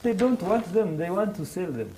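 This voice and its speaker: A Rwandan man teaches finance in English with a mellow, slightly high voice. He bursts into acted dialogues and often restarts his phrases. Faint noise sits behind him. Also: moderate pace, low-quality recording. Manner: animated, acts out dialogues in raised voices, hesitant restarts. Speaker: financial literacy instructor. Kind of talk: classroom explanation with acted examples.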